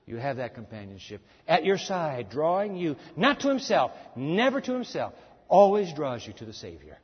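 A man preaching a sermon in a church, building to soaring, slowed climaxes and dropping to hushed tones. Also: a little high, sing-song, husky. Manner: impassioned, slows and swells at climaxes, drops to hushed near-whispers. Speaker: pastor. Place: church sanctuary. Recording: dull lo-fi sound in a reverberant hall.

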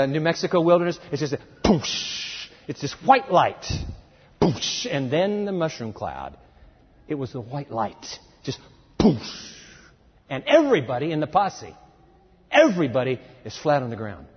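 A man preaching a sermon in a large church hall, dramatic and emphatic, swinging from loud to hushed and adding sound effects. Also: on the high side, sing-song, a little fast, husky. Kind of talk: sermon, expository Bible teaching. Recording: reverberant hall, dull lo-fi sound.

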